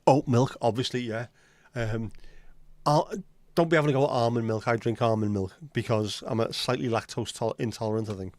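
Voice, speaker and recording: A man's voice: mid-range voice, steady tone, brisk, a little mellow, no room sound. Sweary ranting man. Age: 50s. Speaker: livestream host. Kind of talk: casual livestream chat.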